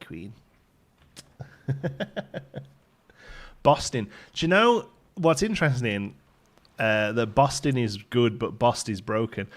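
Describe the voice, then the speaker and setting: A man chatting casually with his audience while streaming a game, laughing often as he talks. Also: on the low side. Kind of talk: casual live-stream chat. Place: home in Ontario, Canada.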